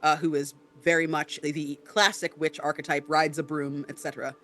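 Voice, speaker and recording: A man co-hosting a podcast in casual chat, animated and explanatory, often tagging on "right?". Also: fairly high pitch, brisk, slight background noise. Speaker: podcast co-host. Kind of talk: casual chat about tabletop role-play.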